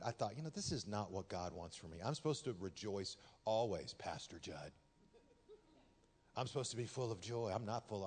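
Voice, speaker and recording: Animated pastor preaching in a big hall. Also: male voice, medium pitch. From Texas. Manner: conversational, humorous, gets loud and animated in anecdotes. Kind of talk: sermon. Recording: long hall reverb.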